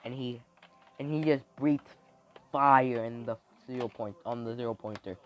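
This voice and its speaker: On a dull, lo-fi recording, a man with a mid-range voice invents fan fiction off the cuff at normal speed. He meanders, restarting often and filling pauses with ums.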